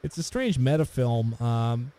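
A man talks in a relaxed, mellow voice, wandering through his thoughts with plenty of fillers and restarts. It is casual, unhurried chat between friends. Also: medium pitch. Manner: rambling, hesitant, many fillers and restarts. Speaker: podcast co-host discussing films.

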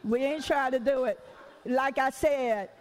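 High-voiced woman preaching in a reverberant hall. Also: a little slow. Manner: lively and conversational, with laughter. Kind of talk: sermon. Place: church during a service.

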